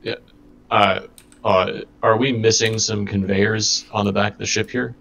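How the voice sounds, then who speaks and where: A man playing a game with friends, calmly talking through tasks in a relaxed way. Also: on the low side, unhurried, vocal fry. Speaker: co-player. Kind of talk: casual chat while playing a game.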